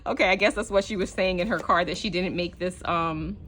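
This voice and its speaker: A woman hosting a casual craft unboxing vlog, gushing and excitable, with lots of fillers. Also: fairly low pitch, a little fast, a little hiss or hum. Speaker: crafting channel host.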